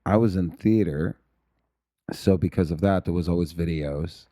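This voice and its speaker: Man, comedian guest, very low and dark-toned, rambling and self-mocking, dry close sound. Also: moderate pace, dry recording. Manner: rambling, self-deprecating jokes. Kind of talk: casual chat.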